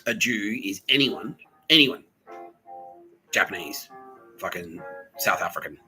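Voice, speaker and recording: A man's voice: fairly low pitch, lively intonation, a little slow, pushed and bright, faint music behind, rough recording. A man hosting a podcast, talking in a rambling, profane comedic monologue full of fillers and restarts. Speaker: podcast host.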